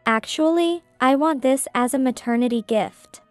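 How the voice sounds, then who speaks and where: A woman's voice: high-pitched, moderate pace, no room sound, faint music behind, lightly acted. A woman narrator voicing a demanding young pregnant woman in her mid-twenties with a nasal, pushy way of asking for things. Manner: pushy, self-centered requests.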